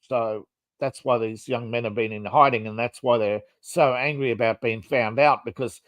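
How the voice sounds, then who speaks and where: A man's voice: mid-range voice, steady tone, moderate pace, no echo. Rambling man with many restarts. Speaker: podcast co-host. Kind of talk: casual podcast chat.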